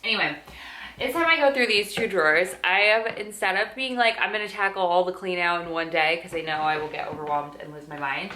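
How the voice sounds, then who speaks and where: A woman's voice: on the low side, brisk, sharp tone. Chatty woman vlogging in an echoey room. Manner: chatty and candid, loose with fillers. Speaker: daily vlogger. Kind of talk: casual vlog chat. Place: at home, sorting a dresser. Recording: echoey room with faint noise.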